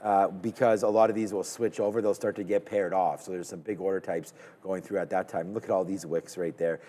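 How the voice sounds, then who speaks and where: A man talks through his trades on a live market stream in a loose, upbeat way. His voice sits low. The sound carries a long reverb tail. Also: fairly even intonation, fairly quick, dark tone. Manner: chatty, upbeat, thinking aloud while trading. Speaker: stock trading livestream host.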